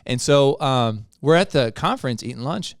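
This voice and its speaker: A man's voice: mid-range voice, expressive, normal speed, creaky, no room sound, studio quality. Laughing man telling a story on a podcast. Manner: laughs often while telling stories. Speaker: podcast co-host. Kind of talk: casual podcast chat.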